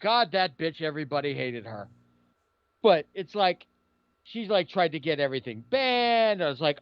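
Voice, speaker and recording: A man with a fairly high voice hosts a casual podcast, sharing blunt, opinionated takes peppered with swearing. The sound is dry and a little dull, with no room around it. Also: very animated, moderate pace, dry recording. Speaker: podcast host. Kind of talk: casual profane talk.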